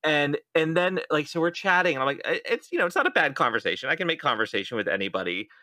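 A man's voice: a little high, quick pace, no room sound. A young adult man hosting a podcast, telling a story in casual chat and acting out the quotes. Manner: animated storyteller, acts out quotes. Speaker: podcast host.

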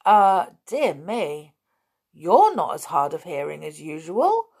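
A woman voicing Tom, a bossy little boy toy in a storybook reading, brisk and commanding. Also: lowish voice, wildly swooping pitch, a little mellow, husky, full character voice.

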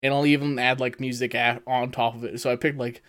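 A man's voice: mid-range voice, little pitch movement, fairly quick, a bit bright. Chuckling man rambling on a podcast. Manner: rambling, lots of fillers, chuckles mid-sentence. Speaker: podcast co-host. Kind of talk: casual chat.

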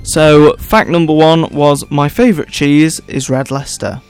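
A man's voice: fairly high pitch, steady tone, unhurried, clean tone, faint music behind. A man co-hosting a casual radio chat show, playful, stumbling and repeating words as he goes. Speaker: co-host of a student radio show. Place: radio studio. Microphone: studio microphone.

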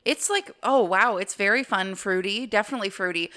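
A woman co-hosting a casual podcast chat, bubbly and quick to laugh. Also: mid-range voice, bright, forceful tone. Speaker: podcast co-host.

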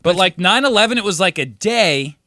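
Lively, bright-voiced young guy. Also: high voice, fairly quick, dry recording. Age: young adult. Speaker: podcast co-host. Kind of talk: casual podcast chat.

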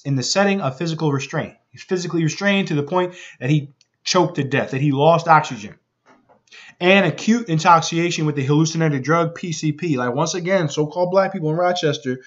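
A man's voice: fairly high pitch, fairly bright tone. A man reading news reports aloud and commenting on them. He repeats phrases for emphasis and keeps checking in with the listener. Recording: dull lo-fi recording.

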